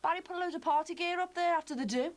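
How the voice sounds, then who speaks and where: An actress playing a blunt, sharp-tongued older woman. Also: very high-pitched, racing, slight background noise. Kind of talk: soap opera acting.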